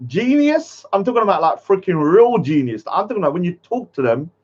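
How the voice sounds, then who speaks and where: A man's voice: high voice, very animated, fast, breathy edge. A man, hosting a casual livestream, talking bluntly and scolding his chat. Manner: blunt, swears at chat, mock-taunting. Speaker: livestream host. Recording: dull lo-fi stream audio.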